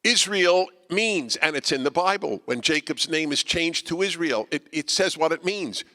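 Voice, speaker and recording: A man giving a speech to a live audience, emphatic and combative with a wry edge, his voice swinging between quiet asides and loud, pointed lines. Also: on the high side, lively intonation, normal speed. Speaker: guest speaker. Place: auditorium with an audience. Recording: reverberant hall.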